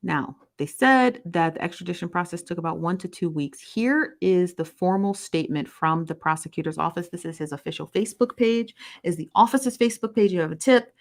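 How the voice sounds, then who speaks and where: A woman's voice: fairly low pitch, fairly quick, creaky, few pauses. A woman giving exasperated live-stream commentary, reading comments aloud and repeating herself in disbelief. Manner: reads comments aloud from viewers. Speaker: online commentator.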